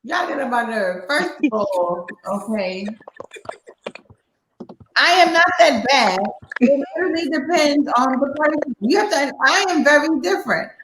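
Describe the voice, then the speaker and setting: A woman hosting a casual panel podcast, her voice a touch higher than most. She talks bluntly and emphatically and holds her ground. The room has an audible echo with faint hiss behind her. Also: lively intonation, measured pace. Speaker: podcast host.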